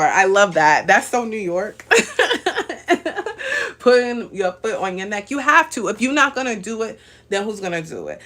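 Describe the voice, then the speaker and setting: Her voice sits mid-range with lively intonation, pushed and bright, at a normal speed. She's a livestream host in her thirties, cheerfully encouraging her audience, reading comments out loud and laughing frequently.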